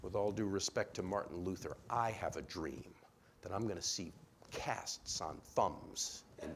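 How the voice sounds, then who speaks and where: A man preaching a sermon in a church, telling a story with lively acted-out quotes and questions to the congregation. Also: sits low, a little slow, gravelly, slight background noise. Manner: animated storyteller, acts out quoted voices, asks congregation. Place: church sanctuary.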